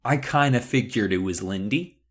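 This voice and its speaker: A man's voice: lowish voice, animated, normal speed. A man co-hosting a podcast, recapping a book in a rambling, joking casual chat. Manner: rambling, joking, lots of fillers. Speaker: podcast co-host.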